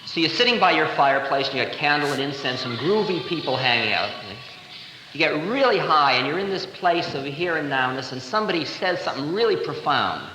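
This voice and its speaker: A man's voice: fairly high pitch, very animated, fast talker, pushed and bright, a little hiss or hum. A man in his thirties giving a playful, conversational spiritual lecture, recorded live in a large hall in 1970. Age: 30s. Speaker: spiritual teacher.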